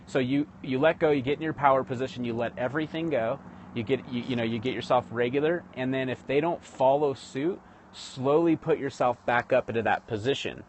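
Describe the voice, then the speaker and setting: On a livestream, a man with a mid-range voice teaches sales rapport, chatting casually and addressing viewers directly. He speaks fairly quickly and restarts often, with slight background noise behind him.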